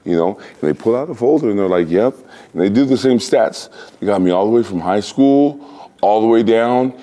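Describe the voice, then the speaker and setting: A man in his forties from the United States tells a casual anecdote as an interview guest. His voice sits very low, with a mellow, relaxed tone. He keeps the telling animated and slips into exaggerated voices for the other people in the story. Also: moderate pace. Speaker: interview guest, former fighter.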